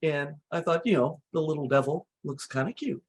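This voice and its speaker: Woman host, a bit hoarse, casual recipe chat with lots of fillers. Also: low-pitched, moderate pace. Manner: relaxed, chatty, many "you know" fillers. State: slightly hoarse, losing her voice.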